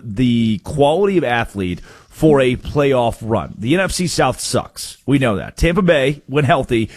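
A man hosting a sports talk radio show, arguing fast with lots of stop-start restarts into a studio mic. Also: mid-range voice, a little mellow, no room sound.

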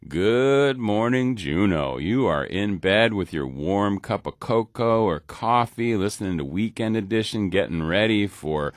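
Deep-voiced chatty radio host, man. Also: measured pace, few pauses, no room sound, clean studio sound. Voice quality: deep morning voice. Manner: relaxed, chatty, with fillers. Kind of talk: casual on-air pledge drive chat. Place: radio studio. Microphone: studio mic.

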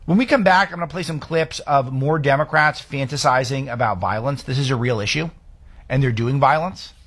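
Male talk host, emphatic, sarcastic, mid-pitched, opinion monologue. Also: a bit bright, husky. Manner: emphatic, sarcastic rhetorical questions. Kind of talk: political commentary monologue.

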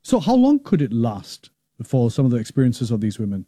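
An engaged male interviewer asking a doctor quick follow-up questions. He talks fast with a lively, varied pitch and a mellow, dark tone, recorded dry and close.

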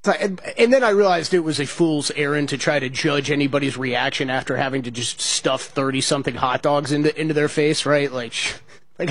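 A man co-hosting a sports radio show, talking casually in an excitable, halting way with many restarts. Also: fairly high pitch, no room sound. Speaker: radio co-host.

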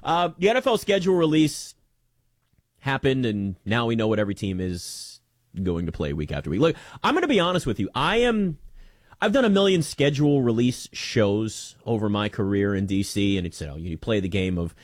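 A man hosting a live sports talk show, bantering loudly with a studio colleague, then talking casually about football. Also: lowish voice, a little fast, no echo. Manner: animated, joking banter, loud and energetic. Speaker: sports radio host.

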